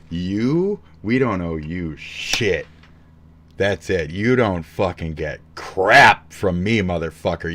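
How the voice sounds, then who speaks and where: A man's voice: sits low, fairly bright tone. A man streaming live, ranting in a rambling, heated and profane way.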